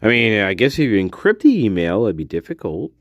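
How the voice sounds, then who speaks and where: A man's voice: fairly low pitch, very animated, fairly quick, dry recording. A man hosting a livestream, rambling and exclaiming with lots of profanity. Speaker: livestream host. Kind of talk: casual livestream commentary.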